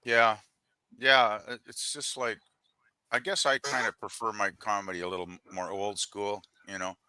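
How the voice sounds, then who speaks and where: A man with a lowish voice and a bright, edgy tone, easygoing and quick to agree. He often searches for words. His voice is heard close and dry. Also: level tone, clear, resonant tone, dry recording. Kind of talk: casual chat.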